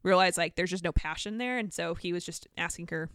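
A woman's voice: lowish voice, brisk, a bit bright, slight background noise. A young woman co-hosting a podcast, chattily recapping an episode of a show with plenty of fillers. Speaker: podcast co-host. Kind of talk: casual chat.

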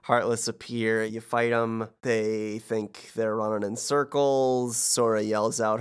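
A man co-hosting a casual podcast, recapping a game in a laid-back, halting way and swearing casually. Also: fairly low pitch, little pitch movement, clean tone. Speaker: podcast co-host.

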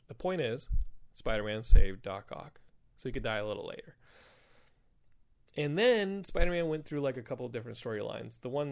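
A man's voice: mid-range voice, vocal fry, a little mellow. A man hosting a podcast, recapping comic books in a loose, rambling, profane way full of fillers. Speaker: podcast host. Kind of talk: casual comic book recap.

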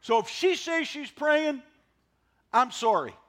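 A man in his sixties preaching a sermon, folksy and animated, driving points home with repetition. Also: very high voice, slow. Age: 60s. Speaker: pastor.

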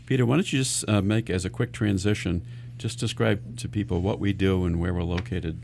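A man's voice: sits low, fairly even intonation, fairly quick, vocal fry, a little mellow, a little hiss or hum. A man hosting a radio talk show as a financial advisor, explaining earnestly and often restarting his sentences.

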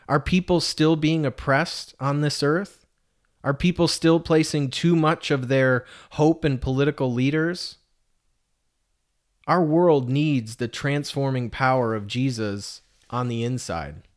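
Male pastor, mid-pitched voice, earnest conversational preaching, rhetorical questions. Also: a little slow. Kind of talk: sermon.

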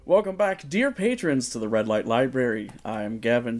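A man hosting a podcast in a studio, talking loose and irreverent. He jokes and laughs his way through the chat and swears freely. His voice sits at an ordinary middle pitch. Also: lively intonation, moderate pace, darkish tone, soft background music. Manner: joking, laughs often, profane banter. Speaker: podcast host. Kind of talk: casual comedic podcast chat.

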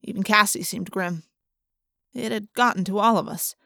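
A woman reading a first-person novel aloud in an expressive, wry, conversational way. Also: medium pitch, moderate pace, creaky, dry recording, clean studio sound. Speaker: audiobook reader.

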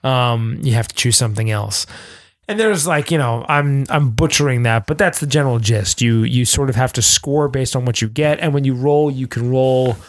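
A man co-hosting a casual podcast, walking through game rules at a middling pitch. He rambles and keeps restarting his sentences, filling gaps with little filler words. His voice sounds dry and close to the mic, with no room echo. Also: normal speed. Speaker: podcast co-host.

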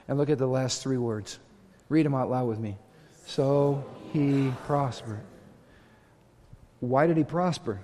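A man preaching a sermon as pastor, impassioned and rising to loud exhortation. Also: mid-range voice, a little slow, pauses often. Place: church sanctuary. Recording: long hall reverb.

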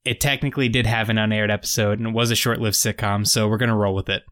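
A man co-hosting a casual podcast, recapping a TV episode in an animated, joking way. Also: on the low side, fast talker, no echo, clean studio sound. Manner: animated, joking, retells scenes with quoted voices. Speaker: podcast co-host.

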